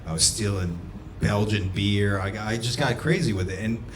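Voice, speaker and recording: A man performing a stand-up comedy set, telling a story and breaking into sudden shouts. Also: fairly low pitch, moderate pace, noisy background. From United States. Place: comedy club stage. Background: audience laughter.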